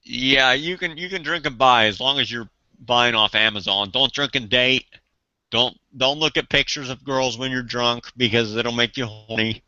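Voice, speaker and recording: A man's voice: mid-range voice, moderate pace, bright, forceful tone, no echo, lo-fi sound. A man hosting a casual chat, joking around, swearing and laughing often. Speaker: channel host.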